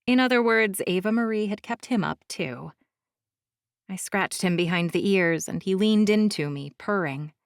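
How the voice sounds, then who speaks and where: A woman narrating a fantasy romance audiobook in the first person, calm, soft and measured. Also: medium pitch, vocal fry, smooth, dry recording, clean studio sound.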